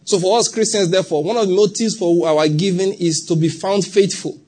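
A pastor with a Nigerian accent and a voice that sits high preaches a sermon to a congregation a little fast. He's animated, acting out short scenes and asking the congregation questions as he goes.

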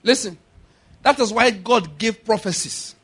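A man preaching a sermon, laughing often and building to shouted declarations. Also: high-pitched, lively intonation, a little slow, husky.

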